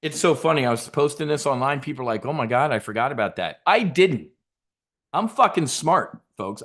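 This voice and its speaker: A man hosting a trading show, delivering a sarcastic, profane political rant with loud bursts of emphasis. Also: medium pitch. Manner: combative, sarcastic, swears a lot. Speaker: host of a stock options trading show.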